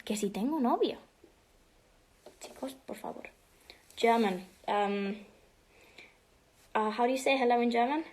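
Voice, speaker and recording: A teenage girl answering fan questions on a home livestream, chatting casually and switching between English and Spanish, sometimes dropping to a soft half-whisper. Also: on the high side, moderate pace, long pauses. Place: home room.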